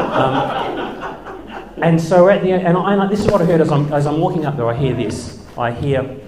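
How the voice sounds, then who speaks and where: A man's voice: on the high side, a little slow, pauses often, darkish tone, slight background noise. Middle-aged man, wry self-deprecating storyteller on stage, echoey hall. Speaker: speaker, former church leader. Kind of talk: humorous storytelling talk. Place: hall with a live audience.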